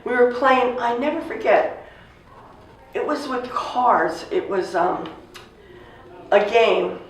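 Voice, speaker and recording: A woman in her sixties casually telling a family story, animated and acting out the voices of the people she quotes. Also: on the high side, takes it slowly. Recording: echoey room, distant mic, faint noise.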